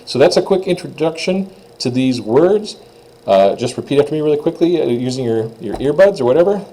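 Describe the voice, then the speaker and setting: A man's voice: fairly high pitch, animated, a little fast, dark tone, poor audio. A man from Minnesota teaching a beginner French lesson, patiently explaining phrases and modeling pronunciation. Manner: patient, plain-spoken, models pronunciations in a raised voice. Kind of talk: recorded classroom lesson.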